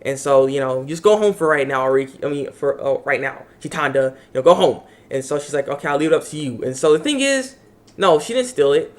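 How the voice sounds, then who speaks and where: Male anime reviewer, casual rambling recap, quick delivery. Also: on the high side. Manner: rambling, animated, acts out characters' lines.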